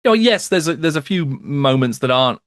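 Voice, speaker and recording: A man's voice: a little high, lively intonation, fairly quick, a bit bright, dry recording, studio quality. A man guesting on a film podcast, talking thoughtfully with frequent restarts. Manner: thoughtful, with many restarts and "you know"s. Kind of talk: casual film podcast chat.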